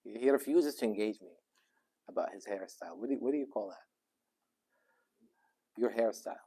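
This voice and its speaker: A middle-aged man leads a youth program with a relaxed, joking manner. His voice sits somewhat low and he keeps things light with the teenagers he greets. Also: moderate pace, husky. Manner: easygoing and joking. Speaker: sheikh leading a youth program. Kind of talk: casual chat with teens. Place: mosque youth room.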